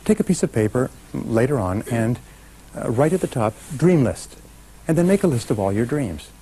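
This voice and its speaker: Emphatic male motivational speaker, mellow and husky. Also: medium pitch, expressive, normal speed, low-quality recording. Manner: emphatic, talks straight to a live audience, leads call-and-response chants. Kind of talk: motivational seminar talk.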